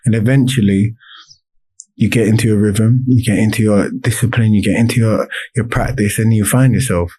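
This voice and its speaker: A man's voice: lowish voice, fairly even intonation, normal speed, warm tone, husky. A man, a podcast guest telling his life story in casual talk, with many restarts and fillers.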